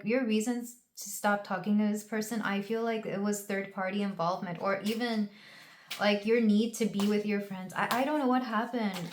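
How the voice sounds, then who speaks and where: A woman's voice: medium pitch, slight background noise. A young woman doing a casual tarot reading to camera, talking in an emotional, rambling way with many fillers and restarts. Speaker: tarot reader. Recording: roomy echo.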